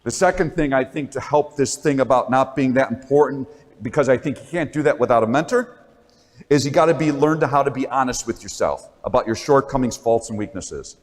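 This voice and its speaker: Man giving an animated talk in a church. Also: medium pitch, fairly quick. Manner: animated, acts out classroom dialogue. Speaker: speaker addressing parents. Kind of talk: motivational talk with storytelling. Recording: long reverb in a church.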